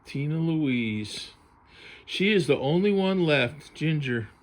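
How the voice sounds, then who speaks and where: A man's voice: fairly high pitch, lively intonation, takes it slowly. Chatty man musing over a book. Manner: chatty, musing aloud, drifting between thoughts. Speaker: vintage TV book reviewer. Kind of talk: casual commentary while paging through a book.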